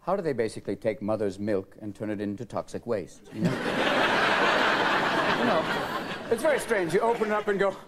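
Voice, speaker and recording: A man on a TV talk show telling comic stories and switching rapidly into put-on voices, with studio audience laughter around him. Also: medium pitch, very animated, very noisy. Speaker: talk show guest, comedian.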